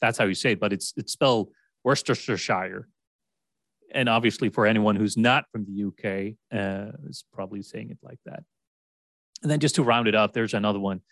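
Man with a Swedish accent, fairly low voice, dry close sound, rambling podcast chat. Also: fairly quick, a bit bright, dry recording. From Sweden. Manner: rambling, with frequent restarts and laughs. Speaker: podcast co-host. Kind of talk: casual chat.

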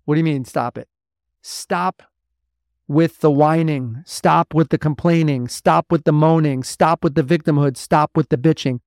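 A man's voice: a little high, fairly even intonation, normal speed, hardly any pauses, a little mellow, dry recording, clean studio sound. A man hosting a motivational podcast as a mentor to men, talking bluntly and emphatically with lots of repetition. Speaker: podcast host and men's mentor.

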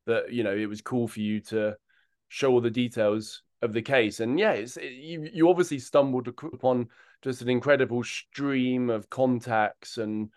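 A man hosting a podcast, asking questions in a relaxed way and summing up his guest's story. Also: medium pitch, normal speed, no room sound, studio quality. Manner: relaxed, summarizing the guest's story back to him. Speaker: podcast host. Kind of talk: interview questions.

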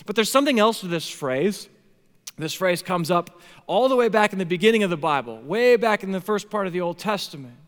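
A pastor preaches a sermon, telling stories that swing widely between loud excitement and hushed, quiet moments. His voice is high and fairly quick, with long hall reverb on the recording.

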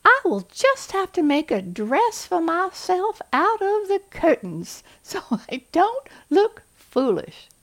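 Woman impersonating a Southern belle, Southern US drawl, high-pitched, gravelly edge, melodramatic. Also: wildly swooping pitch, takes it slowly, hardly any pauses, fairly bright tone, exaggerated voice. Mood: flustered.

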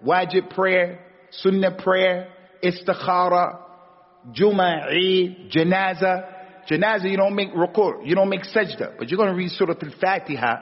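A man's voice: high-pitched, moderate pace. An American man teaching an Islamic lecture, emphatic, repeating key words and rising sharply on rhetorical questions. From United States. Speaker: religious teacher. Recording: dull, echoey hall recording.

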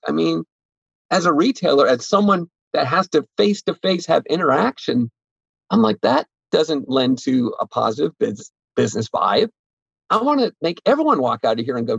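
A man's voice: a little high, very animated, a little fast, creaky, husky, no echo, lo-fi sound. A man who runs a sports card shop, talking bluntly and animatedly in a casual podcast interview, swearing freely.

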